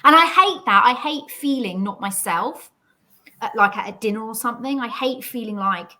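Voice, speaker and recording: A woman with a slightly high voice talks in a relaxed conversation, animated and chatty. She tells stories and acts out other people's lines in lively voices, then drops back into her own. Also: normal speed. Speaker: guest. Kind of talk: casual chat about mental health.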